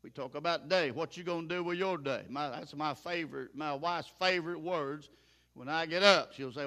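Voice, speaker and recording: A man's voice: fairly high pitch, normal speed, bright, forceful tone. An older man preaching a sermon in a folksy, plain-spoken way, chuckling now and then.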